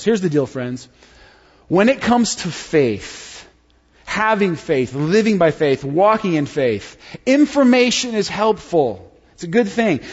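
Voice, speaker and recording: A man preaching a sermon as a pastor, telling stories in a conversational way and calling his listeners friends. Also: on the high side. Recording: long hall reverb, slightly dull sound.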